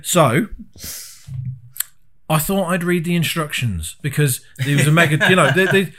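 A man with a middling voice rambles through a story about an old game. He swears freely and sounds exasperated, in relaxed, unscripted chat. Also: on the high side, fairly quick. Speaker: podcast co-host. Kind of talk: casual chat about retro video games.

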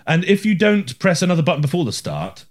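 Lively, joking man chatting. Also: high-pitched, quick pace. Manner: joking, laughs often, lively. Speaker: podcast co-host. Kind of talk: casual chat about retro video games.

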